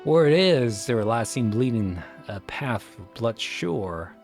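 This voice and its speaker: A man voicing a gruff, cocky male pirate guild leader who talks in thick thieves' slang while reading a game quest aloud. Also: mid-range voice, sing-song, a little slow, a little mellow, faint music behind. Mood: urgent.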